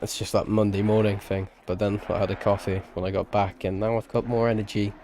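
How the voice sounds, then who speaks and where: A man's voice: on the low side, flat delivery, brisk, a little mellow, slight background noise. A man giving live-streamed sim racing commentary, chatty and rambling, with self-deprecating asides and a tired edge.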